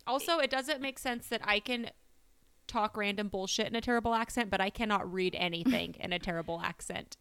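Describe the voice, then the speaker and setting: An American woman with a smooth, bright voice co-hosts a laid-back true-crime podcast. She cracks wry jokes and swears casually as she chats. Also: medium pitch, brisk. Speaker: podcast co-host.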